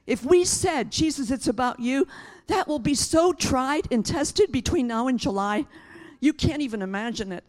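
A middle-aged woman pastor preaches an impassioned, emphatic sermon in a voice that sits high, building to shouts before dropping to quiet, tearful moments.

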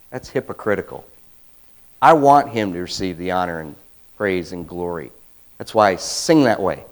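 A pastor delivers a conversational sermon, swinging from quiet asides to loud, emphatic bursts and acting out quotations. His voice is fairly low-pitched, and the audio quality is poor.

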